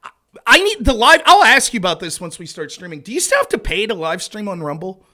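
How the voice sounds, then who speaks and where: A man's voice: high voice, big pitch swings, brisk, pushed and bright. A man hosting a casual podcast chat, talking in a jokey, self-deprecating way. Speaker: host.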